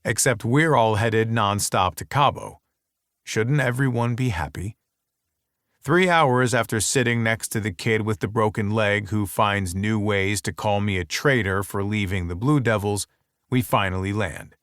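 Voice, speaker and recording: A man with a fairly low voice reads a first-person romance audiobook, close to a studio mic in a dry, dead room. His delivery is wry and intimate, like private inner monologue. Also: measured pace, a bit bright, dry recording. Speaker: audiobook narrator.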